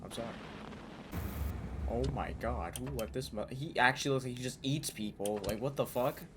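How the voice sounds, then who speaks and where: A young man doing casual gameplay commentary on a horror game, excitable and swearing a lot as he talks to himself. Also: medium pitch, brisk. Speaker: gaming YouTuber. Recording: noisy game audio.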